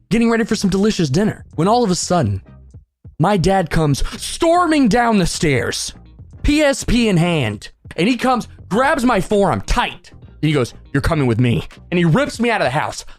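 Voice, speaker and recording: Young male vlogger, comedic storytime, lively swooping delivery, joking tone. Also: high-pitched, moderate pace, soft background music. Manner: animated, joking, laughs through the telling.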